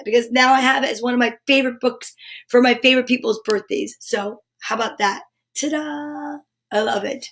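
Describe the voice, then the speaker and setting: A woman hosting a children's story time, reading a picture book aloud with enthusiastic, chatty asides. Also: high voice. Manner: enthusiastic, chatty asides between read passages.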